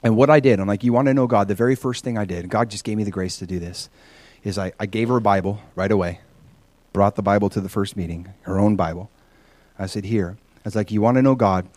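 Middle-aged male preacher, lively storyteller, dry close sound, acts out quoted people. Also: lowish voice, brisk, no room sound. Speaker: pastor. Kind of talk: sermon with personal stories.

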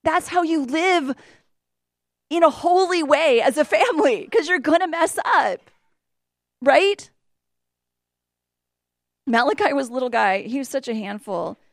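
A high-pitched middle-aged woman speaks to a congregation as a church speaker. Her delivery swings from near-whispered asides to loud, emphatic lines. The sound is dry and close. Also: expressive, unhurried, long pauses, dry recording. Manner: storytelling, moves between hushed asides and loud outbursts. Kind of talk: sermon.

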